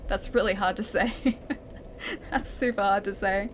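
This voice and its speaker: Playing a game on stream, a young Australian woman chats with her viewers and giggles a lot. Her medium-pitched voice is slow with fairly even intonation, and a faint hum sits in the background.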